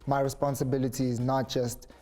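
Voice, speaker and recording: A man's voice: medium pitch, flat delivery, fairly quick, darkish tone. A man, speaking as a musician guest in an earnest, thoughtful way. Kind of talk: reflective conversation.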